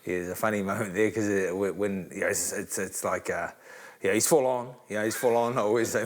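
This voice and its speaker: A man's voice: fairly low pitch, brisk. A New man and former boxer telling stories in casual podcast chat, swearing freely and acting out the punches with sound effects. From New Zealand. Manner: animated, profane, full of restarts and sound effects.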